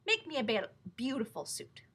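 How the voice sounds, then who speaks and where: A woman voicing a young male lion in a storybook reading, polite but greedy and excitable. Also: on the high side, moderate pace, a little hiss or hum, voice pushed up, heavily acted. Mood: cheerful. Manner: eager, excitable.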